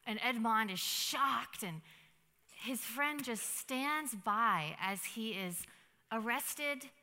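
A young adult woman giving a devotional Bible teaching in a chatty, animated way, with many fillers and restarts. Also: on the high side. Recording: long hall reverb.

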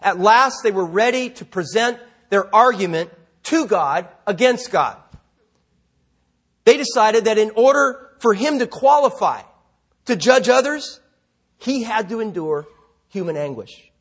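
A man's voice: high-pitched, expressive, measured pace, fairly bright tone, slightly rough. A middle-aged male pastor preaching a sermon, moving from conversational asides into storytelling. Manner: conversational, self-deprecating asides, then vivid story narration.

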